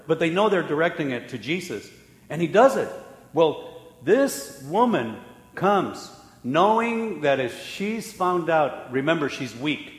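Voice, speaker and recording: A man's voice: fairly high pitch, unhurried. Male pastor preaching in an echoey hall. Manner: animated storytelling, acting out voices, laughing at himself. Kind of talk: sermon. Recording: echoey hall with long reverb.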